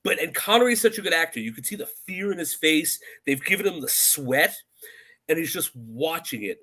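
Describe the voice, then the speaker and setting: A man's voice: on the high side, lively intonation, fairly quick, pushed and bright. A man co-hosting a podcast, talking casually about a film, laughing often and acting out lines from scenes. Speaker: podcast co-host.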